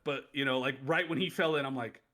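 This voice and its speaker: A man's voice: medium pitch, fast, pushed and bright. A man in his late thirties, a former wrestler co-hosting a podcast, tells stories in a rambling way and keeps laughing through them. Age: late 30s. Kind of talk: casual storytelling chat.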